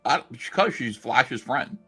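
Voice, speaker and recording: A man's voice: medium pitch, lively intonation, measured pace, sharp tone, faint music behind. A man on a livestream telling a story in a rambling, sarcastic way and acting out the lines he quotes. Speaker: streamer recounting a story.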